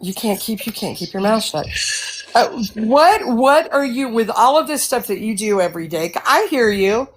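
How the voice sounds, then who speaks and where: A woman's voice: a little high, animated, moderate pace, a little hiss or hum. A woman speaking up in a live audio debate, defensive and argumentative. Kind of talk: heated political argument.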